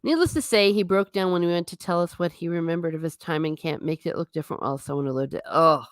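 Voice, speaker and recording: A woman, chatting casually on a stream and reading out viewer comments with a lively manner. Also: low voice, quick pace, no room sound, studio quality. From Ireland. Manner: chatty, animated, breaks into silly singing. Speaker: livestream host.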